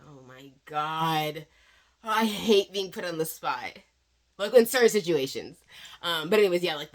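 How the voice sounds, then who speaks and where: A young woman teacher telling a story in a casual vlog, chatty and animated, full of fillers. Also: deep voice. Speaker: English teacher in Korea.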